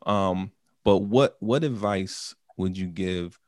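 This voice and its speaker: Low-voiced, laid-back male podcast host. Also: takes it slowly, a little mellow, no echo, clean studio sound. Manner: laid-back, easygoing, laughs often. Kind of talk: casual podcast interview.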